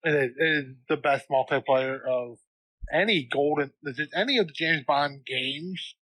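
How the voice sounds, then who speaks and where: A man's voice: normal speed, bright, forceful tone, dry recording, low-quality recording. A man co-hosting a podcast, chatting playfully about a movie and acting out lines. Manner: playful, acts out quotes in high voices. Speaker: podcast co-host. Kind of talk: casual movie recap chat.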